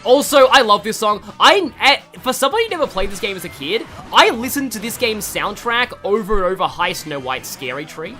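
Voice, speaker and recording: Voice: medium pitch, very animated, a little fast, hardly any pauses, pushed and bright, soft background music. A streamer with an Australian accent giving rambling, casual commentary while playing a game, with many restarts and fillers. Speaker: gaming streamer. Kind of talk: casual let's-play commentary.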